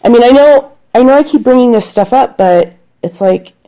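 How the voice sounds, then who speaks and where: A woman's voice: a little high, animated, moderate pace, warm tone. A woman who works as a dog groomer, chatting casually in a home vlog, rambling and talking to her dog, sometimes dropping to a whisper.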